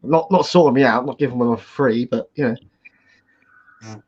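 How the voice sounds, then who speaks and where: A man from the United Kingdom chatting on a livestream video call, energetic and quick to banter. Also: medium pitch, husky. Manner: energetic, plugging, laughing banter. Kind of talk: casual livestream chat. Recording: dull lo-fi call audio.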